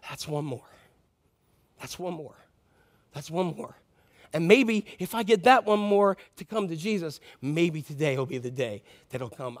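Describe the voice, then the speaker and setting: A man preaching a sermon in a conversational, joking way, reading scripture with emphasis. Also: sits high. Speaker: pastor.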